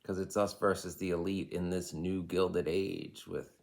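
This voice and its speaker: A man in his forties with a very low, deep voice delivers a casual, fired-up monologue to his viewers. He speaks passionately and rambles, dropping asides as he goes. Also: level tone, measured pace, creaky, a little mellow. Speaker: vlogger and life coach. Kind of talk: casual to-camera rant.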